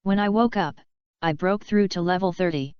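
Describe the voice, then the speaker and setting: Woman reading a perky young girl, bright breezy talk, smooth clean voice, kinda dull lo-fi sound. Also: on the low side, moderate pace, no room sound, lightly acted. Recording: dull lo-fi recording.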